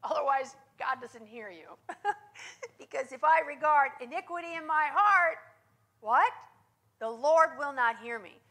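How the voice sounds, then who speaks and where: High, bright-voiced woman Bible teacher. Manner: emphatic, often checks in with listeners. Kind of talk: sermon-style teaching.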